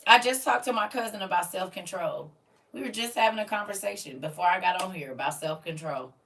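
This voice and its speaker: A woman with a gravelly, mid-range voice speaks briskly while hosting a casual livestream class, recorded from a distance with a little hiss or hum. Sassy and teasing, she preaches to her chat and scolds it in loud bursts.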